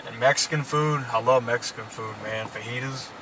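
A man's voice: mid-range voice, fairly even intonation, brisk, a crowd in the background. A man with a Southern accent from Mississippi, hosting a casual, joking chat while driving around town. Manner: chatty, joking, folksy. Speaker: vlog host. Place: inside a car driving through town. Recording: road noise from a moving car.

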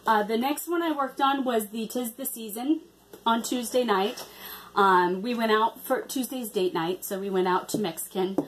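A woman's voice: on the high side, normal speed, a little hiss or hum. A woman chatting casually in a craft vlog, hesitant with many ums and restarts. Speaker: cross-stitch vlogger.

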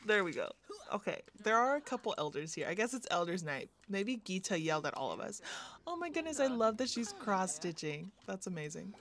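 A woman's voice: mid-range voice, sing-song, brisk, a bit bright. A young woman giving casual, chatty commentary on her own game play, often laughing and gasping as she goes. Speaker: gaming youtuber.

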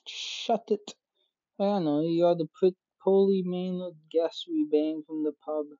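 A gaming YouTuber reading out game dialogue for many characters in quick succession, sometimes exclaiming. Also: mid-range voice, fairly even intonation, mellow, dry recording, highs cut off. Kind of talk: game playthrough with read-aloud dialogue.

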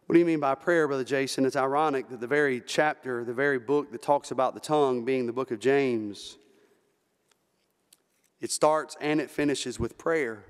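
A man with a Southern American accent preaching a fervent Baptist sermon from the pulpit, rising to shouts at the peaks. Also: medium pitch, moderate pace, smooth. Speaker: pastor. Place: church sanctuary. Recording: long church hall reverb.

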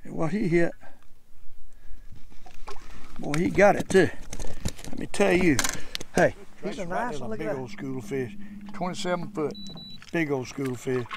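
An older man, casually commenting while fishing from a boat on a lake, folksy and repetitive, excited when he lands a fish. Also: a little high, normal speed, pauses often, noisy background. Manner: folksy, repeats himself, excited over catches. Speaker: fishing channel host.

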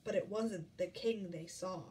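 A woman's voice: on the low side, a little slow, far from the mic. Woman teacher reading aloud to kids. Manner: gentle, explaining. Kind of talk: reading a picture book aloud to children.

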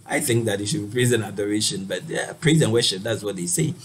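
A man's voice: fairly low pitch, fast talker, a little hiss or hum. A man giving a recorded university lecture, talking straight to his students and repeating words for emphasis. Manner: lively, addresses students directly, repeats words.

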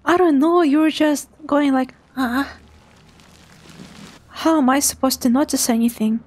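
A young woman, quietly commentating a live game stream in a hushed, soft voice. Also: high-pitched, a little fast. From Russia. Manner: hushed, softly spoken to avoid making noise.

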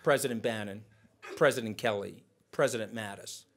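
A man tells stories from a conference stage. His delivery is animated and conversational. He slips into other people's voices to act out quotes as he goes. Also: fairly low pitch, normal speed. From United States. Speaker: guest speaker. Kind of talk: onstage storytelling conversation.

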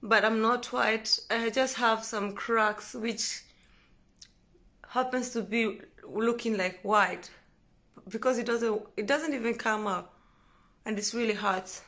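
A woman from Kenya chatting casually to the camera at home in a vlog, rambling and correcting herself, often trailing off softly. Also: a little high, steady tone, slow pace. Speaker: vlogger. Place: at home indoors.

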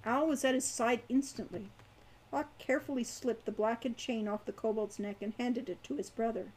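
A woman reading her own fantasy novel aloud in a measured, expressive way. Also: on the high side, slightly rough, poor audio.

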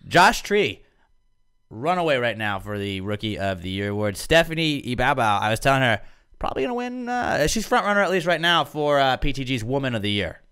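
A man's voice: medium pitch, sing-song, fairly quick, fairly bright tone, clean tone. A man hosting a podcast, reading listener questions and joking around in casual chat. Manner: joking, upbeat banter. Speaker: podcast host.

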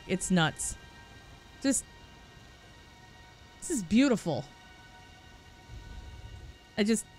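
A woman streamer giving excitable, exclamatory live gameplay commentary, swearing freely. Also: medium pitch.

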